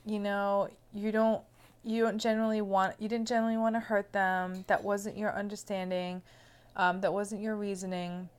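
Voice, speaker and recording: Gentle woman coaching on self-love. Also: medium pitch, little pitch movement, moderate pace, clean tone. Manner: gentle and explanatory, checks in with "okay?". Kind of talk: casual teaching to camera.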